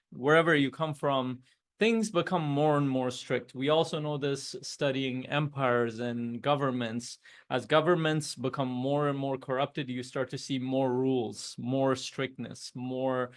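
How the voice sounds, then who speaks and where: Man telling a reflective story. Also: mid-range voice. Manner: reflective, halting, with frequent restarts. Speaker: speaker. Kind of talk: casual storytelling monologue.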